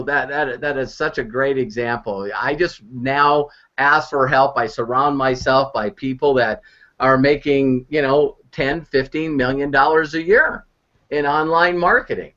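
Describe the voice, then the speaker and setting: A man telling an animated story as an online marketing mentor on a live video call, repeating words as he goes. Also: medium pitch. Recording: muffled video call audio.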